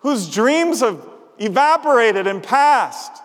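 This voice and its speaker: A preacher acting out a weary eighty-year-old shepherd, pleading and stammering over his own doubts in a high voice. The voice trails off in the long reverb of a large hall. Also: sing-song, exaggerated voice. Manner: pleading, halting, stammering repeats.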